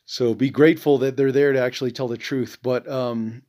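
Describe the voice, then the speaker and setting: A man's voice: mid-range voice, steady tone, moderate pace, mellow. A man from the Navajo Nation hosting a podcast, talking bluntly and profanely, full of "you know". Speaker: podcast host, veteran. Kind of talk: casual monologue.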